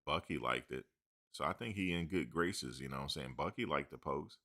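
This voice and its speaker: A man's voice: a bass voice, expressive, fairly quick, bright, forceful tone. A man hosting a sports talk show, rambling casually with slang and joking asides.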